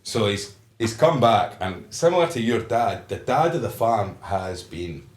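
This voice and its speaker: Low-voiced Scottish man telling a story. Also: unhurried. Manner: lively storyteller, laughs mid-story. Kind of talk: casual pub chat. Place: busy pub. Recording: roomy pub with faint noise.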